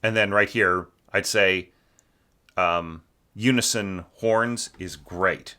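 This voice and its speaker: A deep-voiced man gives a relaxed spoken critique of an orchestration score, leaning on fillers as he thinks aloud. His tone is bright and forceful, and he breaks into sung phrases to make his points. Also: slow. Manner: sings musical phrases to illustrate, many fillers. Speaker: orchestration teacher reviewing a student score.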